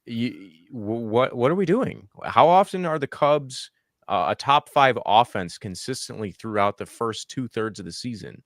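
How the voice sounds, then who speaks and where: A man's voice: mid-range voice, lively intonation, normal speed, no room sound, studio quality. A man on a sports talk panel, ranting angrily with crude language and rhetorical questions. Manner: angry, profane, rhetorical ranting.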